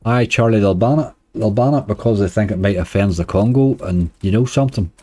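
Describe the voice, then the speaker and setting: A hoarse man with a Northern Irish accent, chatting casually to viewers on a live stream. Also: fairly low pitch, brisk, mellow, no room sound, faint music behind. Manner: chatty, uses "wee" and "like" often. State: hoarse, dry throat. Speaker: slots streamer.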